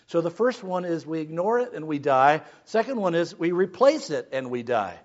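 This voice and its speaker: A man preaching a sermon, swinging between hushed lines and shouted ones. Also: fairly high pitch, sing-song, normal speed, dull audio. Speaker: pastor.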